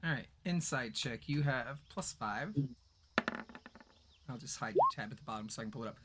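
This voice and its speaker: A game master running a tabletop game live, calmly explaining rolls and describing what happens. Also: mid-range voice, normal speed, heavy background noise. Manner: relaxed, matter-of-fact rules talk.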